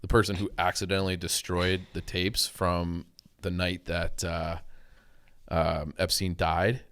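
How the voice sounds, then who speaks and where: Low-voiced man rambling on a podcast. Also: level tone, measured pace, a bit bright. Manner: rambling, profane, filler-heavy. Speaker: podcast co-host. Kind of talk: casual chat.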